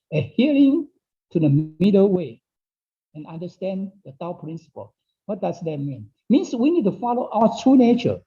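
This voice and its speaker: A man leads an online Dao study class, his voice high for a man but very dark and mellow in tone. His English is halting, not his first language, and he repeats phrases and keeps asking "okay?" The sound is dull and lo-fi. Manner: non-native English phrasing. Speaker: Dao teacher.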